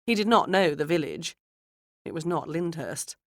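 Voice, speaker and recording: A woman narrating a children's storybook in a measured, expressive way. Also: low-pitched, no echo, studio quality. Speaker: audiobook narrator.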